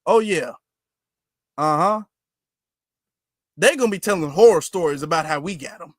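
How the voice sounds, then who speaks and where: A man's voice: a little high, expressive, moderate pace, dry recording, clean studio sound. A man hosting a livestream, talking in a preachy, teasing way and repeating phrases for effect. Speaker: livestream host. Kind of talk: casual livestream talk.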